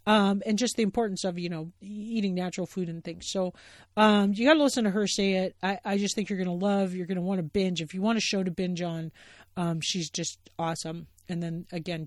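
Woman podcast host, casual solo talk, rambling, enthusiastic, mid-pitched voice, dry sound. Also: no echo. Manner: rambling and enthusiastic, full of fillers and restarts.

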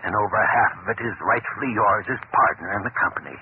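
An actor playing a gruff old male businessman who speaks haltingly, in a 1930s radio drama. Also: on the low side, lightly acted. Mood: hesitant. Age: older. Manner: halting, hesitant. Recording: tinny hissy 1930s radio broadcast.

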